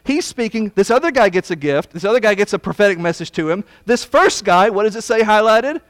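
A man preaching a Bible study sermon, blunt and folksy, swinging from loud emphasis to hushed asides. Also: sits high, lively intonation, quick pace, dry recording.

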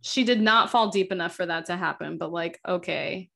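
A woman's voice: fairly low pitch, normal speed, gravelly, a bit bright. A woman co-hosting a podcast, recapping a movie in casual chat with wry, sarcastic asides and lots of fillers. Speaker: podcast co-host.

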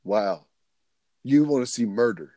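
A man's voice: mid-range voice, expressive, measured pace, dark tone, no room sound. Laid-back young man, dry close podcast mic. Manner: laid-back, swearing, joking banter. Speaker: podcast co-host. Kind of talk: casual chat.

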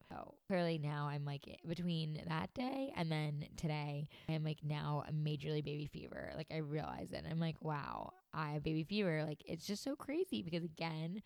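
A woman's voice: deep voice, a little mellow, clean tone, no echo. A young woman hosting a podcast, talking casually and gushing, with many "like"s and fillers. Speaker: podcast host. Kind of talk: casual monologue.

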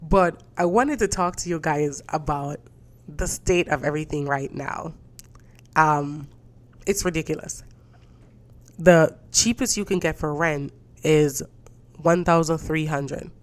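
A young woman, stuffy from a cold, hosting a casual solo podcast and telling lively stories full of swearing and acted-out dialogue. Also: deep voice, a little slow, long pauses. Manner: animated storytelling, swearing, acting out dialogue. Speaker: podcast host.

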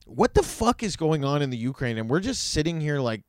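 Man, podcast host, solo rant, smooth voice, dry sound, swearing, sarcastic. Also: high-pitched, moderate pace, hardly any pauses, dry recording. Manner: profane, animated ranting with sarcastic asides. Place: in Vancouver.

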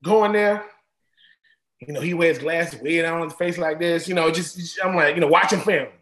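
A man's voice: fairly high pitch, moderate pace, a bit bright, reverberant. A man, a former college football player, telling stories casually and animatedly, often repeating and restarting phrases. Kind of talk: casual storytelling.

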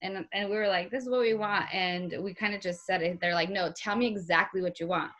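Woman podcast host, mid-pitched voice, gushing and emotional, relaxed casual chat. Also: brisk.

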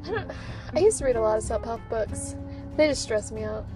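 High-voiced woman, playful podcast banter, music plainly audible behind her. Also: brisk, low-quality recording. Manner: teasing, animated, quotes texts back and forth. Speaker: podcast co-host. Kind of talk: casual chat.

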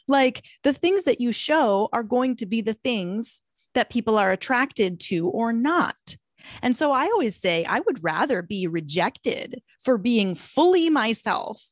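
A woman guest in a casual interview who talks in an animated, playful way and acts out her examples. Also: on the high side, no room sound, studio quality.

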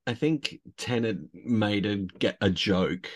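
Low-voiced man chatting enthusiastically. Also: takes it slowly. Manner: enthusiastic, rambling with restarts. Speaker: podcast co-host. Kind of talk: casual chat.

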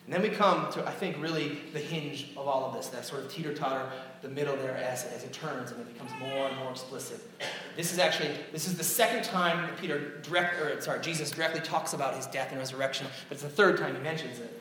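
A man preaching a sermon, lively and dramatic, acting out quotes and correcting himself as he goes. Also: medium pitch, fast talker. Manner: animated, acts out quotes, self-correcting. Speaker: pastor. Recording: echoey hall, distant mic, faint noise.

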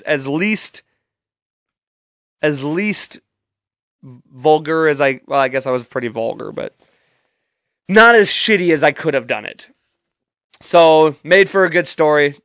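A man's voice: on the high side, fairly bright tone, clear, resonant tone, dry recording, studio quality. Rambling, profane young man telling a story. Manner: profane, rambling, self-amused. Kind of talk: casual storytelling.

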